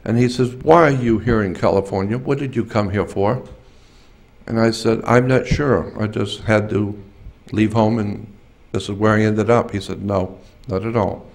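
An older man telling a personal story at a symposium, slowly and haltingly, often restarting his sentences. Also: fairly low pitch, steady tone. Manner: slow, halting, with repeated restarts. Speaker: speaker at a symposium. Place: conference hall.

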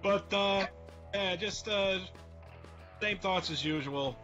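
A man's voice: high voice, takes it slowly, muffled recording, music in the background. A man co-hosting a casual radio roundtable, joking and playful as he plugs his own segment. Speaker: co-host.

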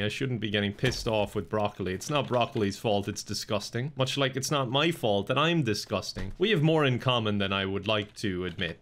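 A man's voice: medium pitch, a bit bright. Laughing Irish man playing a game. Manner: chatty, self-mocking, laughs often between lines. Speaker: gaming YouTuber. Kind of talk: gameplay commentary.

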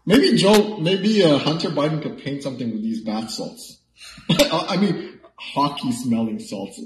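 A man's voice: on the high side, animated, measured pace. A man hosting a live goalie mask auction stream, joking and pushing buyers in sales patter. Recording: echoey room, faint noise.

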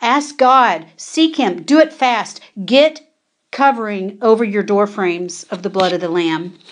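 A woman's voice: medium pitch, unhurried. A woman preaching an urgent prophetic warning, giving repeated commands and asking her listeners pointed rhetorical questions.

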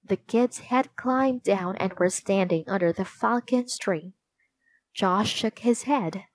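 Slow, measured woman storyteller. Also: mid-range voice. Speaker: narrator. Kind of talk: storybook narration.

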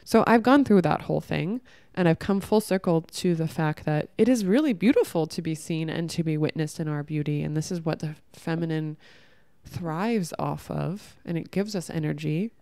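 Gravelly-voiced young woman giving earnest advice. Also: low-pitched, moderate pace, mellow, no echo. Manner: earnest, spiritual, swears freely. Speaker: vlogger. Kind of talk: casual advice monologue.

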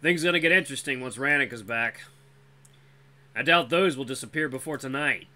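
A storyteller voicing a calm, gruff male black wolf who talks in a dry, steady, faintly menacing way. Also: mid-range voice, brisk, close to an everyday voice. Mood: cool.

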